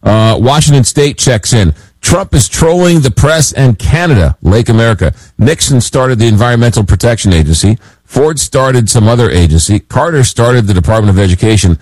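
A man hosting a late-night call-in radio show, reading listener messages and talking with callers, often halting on fillers. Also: medium pitch, animated, darkish tone, dry recording, rough recording.

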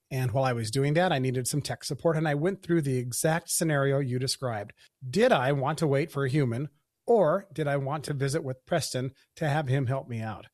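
A man's voice: mid-range voice, a little mellow, no room sound, clean studio sound. A man co-hosting a casual podcast, chatting in an easygoing way. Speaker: podcast co-host.

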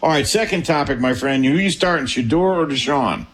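A man's voice: a little high, lively intonation, a little fast. A man hosting a call-in sports radio show, affable and chatty, often repeating his first words as he starts a thought.

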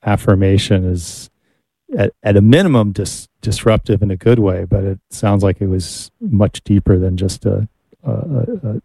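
A man's voice: lowish voice, fairly even intonation, normal speed, creaky, dark tone, breathy edge, dry recording. A man hosting an interview, reflecting on the guest's story. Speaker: host. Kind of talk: conversational interview.

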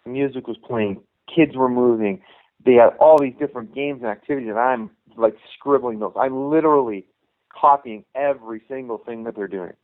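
A middle-aged man tells a long, rambling story in a relaxed interview, acting out the lines of the people in it. His voice sits at an ordinary pitch and comes through a tinny, narrow phone line. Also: normal speed. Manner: rambling anecdotes, acting out quoted dialogue. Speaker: youth hockey coach, guest.

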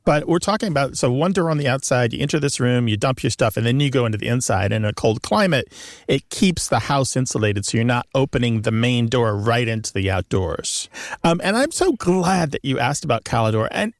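A man's voice: mid-range voice, lively intonation, a little fast, dry recording, clean studio sound. A man co-hosting a call-in radio show about language, explaining with enthusiasm.

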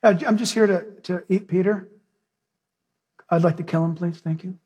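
A man's voice: high voice, steady tone, normal speed, a little mellow, slightly rough, dull audio, voice pushed down. A man preaching and putting on the voice of a sly male devil who asks politely to eat someone. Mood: mock-polite. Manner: mock-polite, hesitant.

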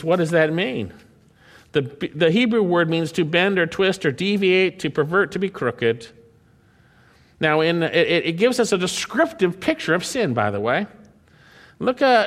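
A man's voice: a little high, a bit bright. A man preaching a sermon, reading scripture aloud with emphatic delivery. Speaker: pastor.

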